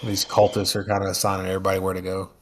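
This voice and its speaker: A man narrating as game master, casual and full of fillers, slipping into quick character lines. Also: low-pitched, completely flat delivery, slight background noise.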